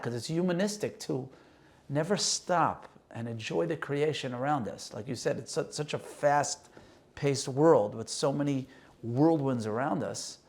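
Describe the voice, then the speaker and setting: A man's voice: mid-range voice, vocal fry. A man hosting a conversation, telling a personal story with emotion and acting out the quoted dialogue. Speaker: host and singer.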